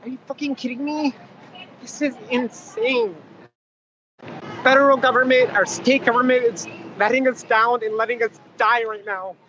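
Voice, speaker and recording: A man's voice: extremely high pitch, fairly even intonation, normal speed. A tearful man counter-protesting outdoors, venting in an angry, swearing outburst. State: tearful, emotional. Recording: dull, noisy outdoor camera audio.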